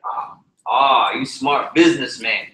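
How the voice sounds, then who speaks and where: A man's voice: medium pitch, a little slow, pushed and bright, reverberant, a little hiss or hum, low-quality recording. A man putting on a pushy rich old oil mogul. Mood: coaxing. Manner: broken clipped speech, wheedling.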